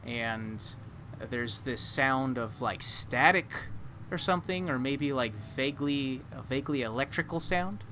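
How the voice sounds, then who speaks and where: A man's voice: medium pitch, expressive, a little slow, sharp tone, slight background noise. A man narrating a tabletop game as game master, describing scenes with many fillers and restarts.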